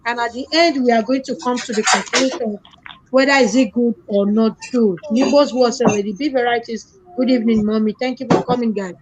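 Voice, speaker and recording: A woman's voice: fairly high pitch, steady tone, brisk. A woman hosting a casual live-stream chat, thanking callers and reading out viewer comments. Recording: dull lo-fi stream audio with faint noise.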